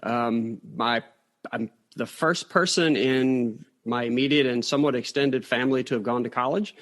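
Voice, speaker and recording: A man's voice: medium pitch, moderate pace, fairly bright tone. A middle-aged man with a rural Virginia accent, a guest telling stories about his past with self-deprecating humor and chuckles. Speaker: guest, author. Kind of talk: casual storytelling interview.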